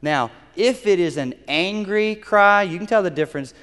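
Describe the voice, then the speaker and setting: A man's voice: high voice, expressive, normal speed, few pauses, fairly bright tone, smooth. Earnest male pastor in a reverberant hall. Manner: earnest, instructive, pleading. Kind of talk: sermon.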